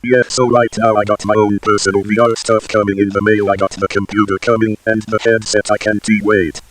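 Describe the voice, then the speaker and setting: A low male voice reads viewers' chat messages out in a flat, even monotone. Clear background noise runs under it. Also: brisk. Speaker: stream viewer.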